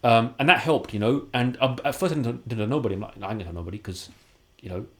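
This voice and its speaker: A man's voice: mid-range voice, racing, a bit bright. A man, a podcast guest telling candid personal stories in a casual way and acting out the dialogue he quotes. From London, England.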